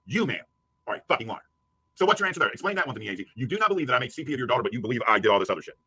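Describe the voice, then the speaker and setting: Man, husky, very fast, bright tense voice, lively pitch, profane angry rant, dry close sound. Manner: profane, shouting insults at a rival. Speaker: YouTube streamer.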